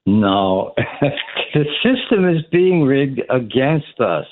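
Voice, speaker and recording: A man speaking to a radio host, slow and drawn-out. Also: mid-range voice, very animated. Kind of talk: call-in radio talk. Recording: tinny phone line.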